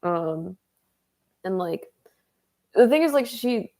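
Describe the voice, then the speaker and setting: A woman's voice: mid-range voice, expressive, slow, dark tone. A young woman in her twenties telling a story in a casual chat, filler-heavy and laughing often. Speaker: streamer.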